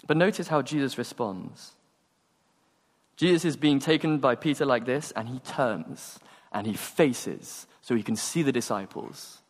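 A man preaching a sermon, telling stories and acting out the dialogue with animated energy. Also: mid-range voice, a little slow, husky. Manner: animated storytelling, acts out dialogue. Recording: long hall reverb.

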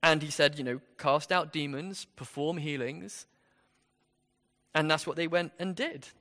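Bright-voiced male preacher in a reverberant hall. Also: a little high, unhurried. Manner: expository, conversational, with rhetorical questions. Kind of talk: sermon.

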